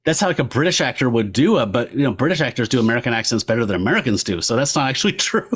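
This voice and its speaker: A man rambles through a casual film podcast, leaning on filler words as he thinks aloud. His voice sits at a middle pitch. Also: expressive, very fast, a bit bright, slight background noise. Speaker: podcast host.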